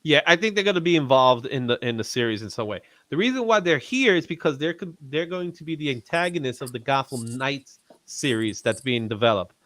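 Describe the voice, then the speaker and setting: Lively, bright-voiced male host. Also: medium pitch, fairly quick, no echo. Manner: animated, laughs often. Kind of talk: casual livestream chat.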